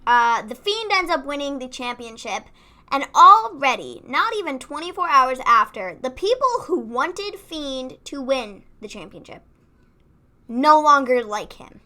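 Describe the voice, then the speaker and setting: A chatty woman co-hosting a livestream recap, her voice pitched high and ringing bright. She talks in loose, casual chat full of giggles and quick sarcastic asides. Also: big pitch swings. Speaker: co-host of a wrestling recap stream.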